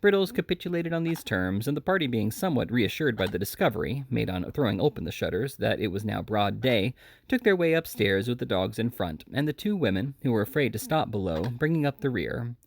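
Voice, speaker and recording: A man reading a classic novel aloud as an audiobook, lively and expressive, with small slips and restarts. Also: mid-range voice, fairly quick, creaky. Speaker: audiobook reader.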